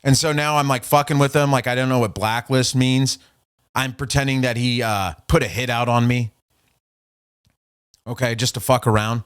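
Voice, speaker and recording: A man's voice: mid-range voice, fairly even intonation, moderate pace, a bit bright, clean tone. Profane, mocking podcast host, man. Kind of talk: casual storytelling.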